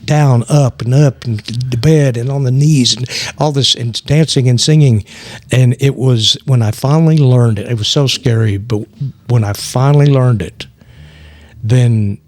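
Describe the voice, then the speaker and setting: A man with a Texan accent recounts a story as an interview guest. His pitch sits in an ordinary middle range, and the sound is dry and close with no room around it. He talks animatedly, slipping into quoted voices and tripping over restarts. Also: unhurried, a little mellow, no echo. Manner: frequent restarts and stammers. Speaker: guest actor. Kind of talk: casual storytelling.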